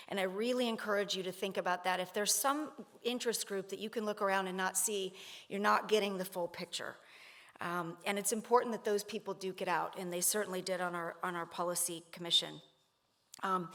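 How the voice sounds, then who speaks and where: A woman's voice: mid-range voice, fairly bright tone. Woman, conference speaker, earnest, lots of fillers and restarts. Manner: earnest, repeats phrases, many fillers. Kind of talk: conference panel speech.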